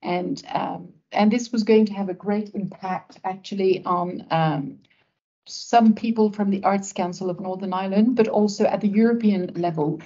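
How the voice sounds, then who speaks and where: A woman's voice: medium pitch, normal speed, mellow, husky, muffled recording. Hesitant woman giving an academic answer. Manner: hesitant, many fillers and restarts. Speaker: academic speaker.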